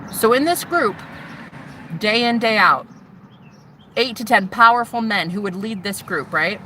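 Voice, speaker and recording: A woman vlogger telling her personal story to camera, animated and sassy, swearing freely and calling the viewer "honey". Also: medium pitch, measured pace, slight background noise. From United States. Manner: swears freely, shouts mocking retorts.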